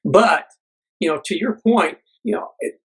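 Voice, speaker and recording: A man's voice: high-pitched, measured pace, breathy edge, low-quality recording. A middle-aged man, a podcast guest, telling a personal story earnestly, with frequent restarts and acted-out quotes. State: blind military veteran.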